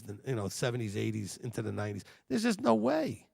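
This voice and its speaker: A man in his fifties giving a lively, joking sermon-style talk to a congregation. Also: on the low side, quick pace, creaky. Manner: animated and jokey, with mocking quoted voices. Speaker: teacher at a Torah study.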